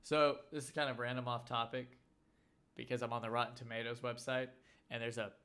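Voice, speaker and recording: A man's voice: mid-range voice, little pitch movement, a little fast, sharp tone, clear, resonant tone. A man co-hosting a casual podcast chat, rambling and wry, often trailing off mid-thought. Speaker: podcast co-host.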